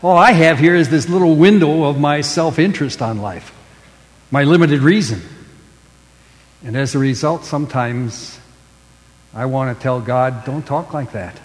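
A pastor preaching a sermon, with emphatic stresses that fall away into hushed line endings. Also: male voice, fairly high pitch, unhurried, pauses often, big-room sound, poor audio.

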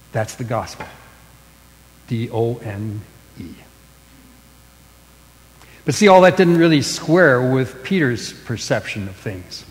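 A pastor preaching a sermon, with emphatic stresses that fall away into hushed line endings. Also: male voice, mid-range voice, big-room sound, poor audio.

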